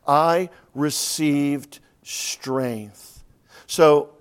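A man with a high voice preaches verse by verse through a scripture passage. He drops to a slow, hushed tone to read the text. His explanations come with building emphasis. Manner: reads scripture slowly and softly, then explains with rising emphasis. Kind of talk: expository sermon.

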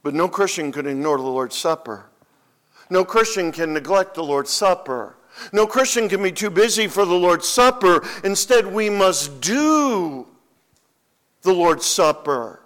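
A man's voice: high voice, lively intonation, a little slow, fairly bright tone. A man preaching a sermon as pastor, emphatic and repeating key phrases for weight.

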